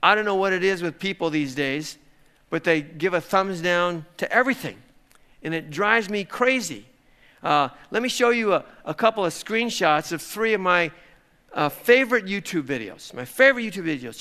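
Male pastor, middle-aged, high-pitched and bright; lively preacher who swings between soft asides and loud outbursts. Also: normal speed, smooth. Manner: animated, swings from hushed to loud exclamations. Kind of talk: sermon.

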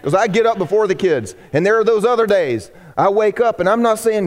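A man preaching a sermon as pastor, animated and acting out the people he quotes. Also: high-pitched, a little fast, hardly any pauses, long reverb tail. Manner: animated, acts out quoted voices. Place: church sanctuary.

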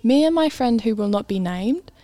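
Young woman, casual chatty storyteller, higher voice, dry close sound. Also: animated, moderate pace, mellow, no room sound. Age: young adult. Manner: chatty, lots of "like", acts out quoted voices. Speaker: bowling alley party host telling a story.

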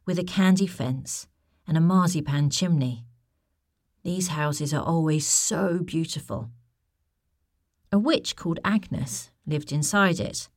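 A woman reading a children's story aloud, lively and expressive, asking the listener questions. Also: lowish voice, no echo, studio quality.

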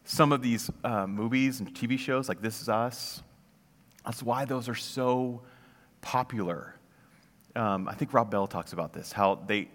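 A man's voice: mid-range voice, a bit bright, long reverb tail. A pastor speaking in a conversational, searching way, with many restarts and fillers, as he gives a casual sermon.

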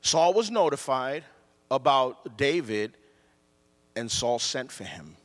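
A man preaching a sermon in animated storytelling style, often repeating his phrases. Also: medium pitch, slow pace, big-room sound.

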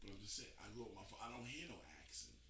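A man's voice: fairly low pitch, very fast. A man in casual chat who asks pushy, slangy questions. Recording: roomy recording with crowd chatter behind.

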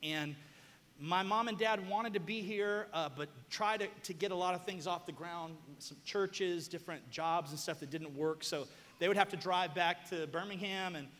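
High-voiced animated man preaching in a reverberant hall. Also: normal speed. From southern United States. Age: young adult. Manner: animated storytelling, bursts of shouting. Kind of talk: sermon.

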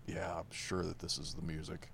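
Commentary co-host: very deep, gravelly man, dry and relaxed, faint noise behind. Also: normal speed. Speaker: podcast co-host. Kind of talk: casual movie commentary.

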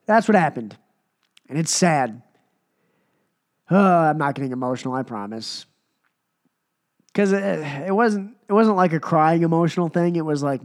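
A man's voice: a little high, darkish tone. A man hosting a wrestling podcast who sounds sick and short on voice, giving a rambling, emphatic reaction that builds through repetition. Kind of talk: casual reaction commentary.

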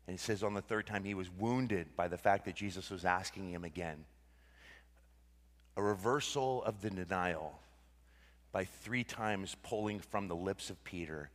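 A man's voice: low-pitched, unhurried. Preaching man in an echoing hall. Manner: animated preaching, swinging between excited and hushed. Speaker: pastor. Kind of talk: sermon.

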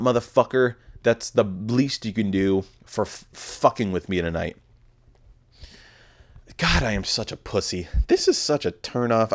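A young man in his twenties hosting a podcast, telling a rambling, profane, self-deprecating story about a night out. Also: lowish voice. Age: 20s. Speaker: podcast host. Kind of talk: casual storytelling monologue.

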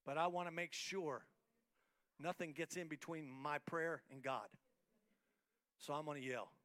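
A man pastor preaching a sermon in a church, moving from soft talk to shouted, rhythmic, repeated lines. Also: fairly high pitch, fairly even intonation, unhurried. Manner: repetitive, rhythmic emphatic phrasing. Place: church hall, live-streamed service.

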